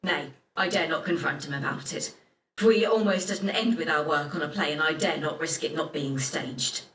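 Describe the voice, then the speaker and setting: An earnest, spirited lady poet of the Elizabethan age, speaking in archaic formal English. Her voice sits a bit low. It sounds roomy and distant. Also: a little fast, fairly bright tone, slight background noise. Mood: worried. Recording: roomy, distant game audio.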